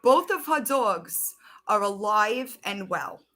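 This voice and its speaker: Woman host, bright forceful voice, casual swearing livestream chat, talks while scrolling her phone. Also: mid-range voice, animated, takes it slowly. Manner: chatty, swears, reads out messages while searching her phone.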